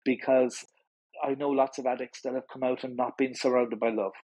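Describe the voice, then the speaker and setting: A middle-aged Irish man speaking candidly as an interview guest in a studio, often halting and repeating words as he restarts. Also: medium pitch, flat delivery, darkish tone, slightly rough, no echo, low-quality recording. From Ireland.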